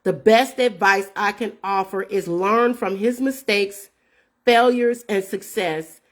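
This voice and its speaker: Speaking slowly in a mid-range voice, this fifty-something host of her own show shares a story with her audience. Her tone is earnest and casual; she addresses viewers as "y'all" and reads messages aloud.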